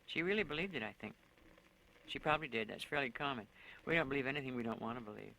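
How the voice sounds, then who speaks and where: A man's voice: mid-range voice, lively intonation, quick pace, vocal fry, sharp tone, slight background noise, rough recording. A man reading his own fiction aloud in plain storytelling, through a tough teenage narrator's voice.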